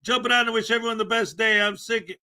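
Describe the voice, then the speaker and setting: A man from Canada hosting a casual morning livestream, greeting viewers by name with loud, upbeat enthusiasm and a slightly rough throat. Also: very high-pitched, fairly even intonation, fast. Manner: upbeat, greeting chat names with shouted enthusiasm. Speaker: livestream host.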